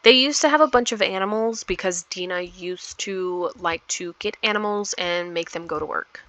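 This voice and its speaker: Speaking at a moderate pace in a slightly bright voice on the low side, a woman vlogs her life-simulation gameplay. Her casual commentary rambles, packed with fillers like um.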